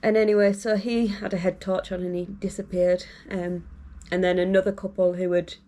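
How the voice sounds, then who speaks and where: A woman's voice: mid-range voice, level tone, normal speed, warm tone. A young woman telling a long story to camera in a rambling, casual way, full of fillers. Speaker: vlogger.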